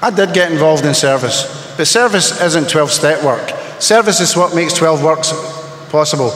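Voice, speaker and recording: A man's voice: on the high side, animated, normal speed, a bit bright, a little hiss or hum. A Scottish man sharing his recovery story at a convention meeting, humorous and rambling as he tells stories. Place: large hall at a convention. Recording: echoey hall recording.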